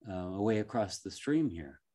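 A man's voice: fairly low pitch, animated, normal speed, warm tone. A man voicing a sly male scorpion in a fable, coaxing and matter-of-fact.

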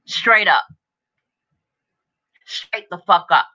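A woman's voice: fairly low pitch, lively intonation, very slow, sharp tone, lo-fi sound. Furious profane middle-aged woman ranting. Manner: furious, profane, confrontational, repeats lines for emphasis. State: agitated and overheated. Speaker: livestream host. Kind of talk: angry livestream rant.

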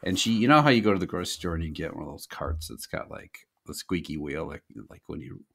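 A man's voice: rumbling low, quick pace, creaky. A man co-hosting a podcast, telling a funny anecdote in casual chat. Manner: animated storyteller, mimics voices in anecdotes. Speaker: podcast co-host.

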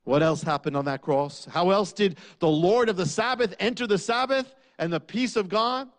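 A man preaching a sermon, asking rhetorical questions and dropping low on key lines. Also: moderate pace.

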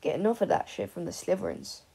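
A blunt, sharp-tongued teenage schoolgirl who puts the boys in their place, read by a woman. The voice is husky with a gravelly edge and a lively, wide-ranging pitch. Heard in an audiobook reading. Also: quick pace, heavily acted. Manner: blunt, snappy.

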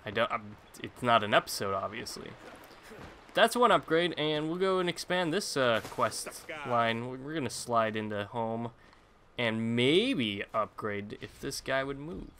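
A man's voice: medium pitch, expressive, unhurried, pushed and bright, slight background noise. A man casually commentating his own gameplay, rambling with jokey self-mocking asides. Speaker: gaming YouTuber. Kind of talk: casual let's-play commentary.

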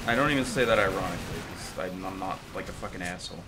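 A young man giving live gameplay commentary, excitable and profane, with sudden bursts of yelling. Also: sits low, fast talker, background noise. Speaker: gaming commentator.

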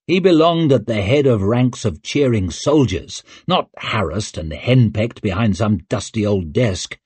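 Slow husky male audiobook narrator. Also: on the low side, no room sound. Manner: measured, expressive storytelling. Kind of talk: scripted narration.

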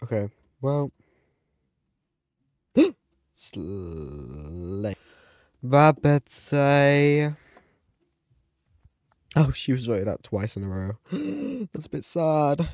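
An excitable man chats through a gameplay session, with plenty of gasps and yelps. He talks at an unhurried pace, and his voice sounds close and dry with no room echo. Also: on the low side. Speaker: gaming YouTuber. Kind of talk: casual gameplay commentary.

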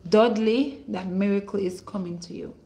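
A woman's voice: medium pitch, vocal fry. A woman running a ministry livestream, blessing viewers by name and declaring miracles. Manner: slow and warm, calling out viewers' names and blessing them; preachy, prophetic declarations. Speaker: online minister hosting a livestream. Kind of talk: livestream greetings and prayer.

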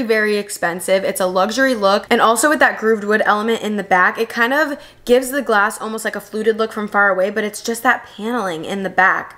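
A woman's voice: medium pitch, sharp tone. A young woman vlogger gushing over home decor pieces in a voice-over review, enthusiastic and chatty. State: new mother.

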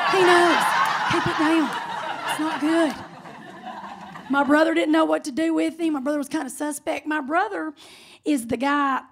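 A raspy-voiced woman from Kentucky with a Southern accent, telling sassy stand-up stories on a comedy club stage. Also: sits high, a little hiss or hum. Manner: sassy, drawling Southern storytelling. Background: audience laughter.

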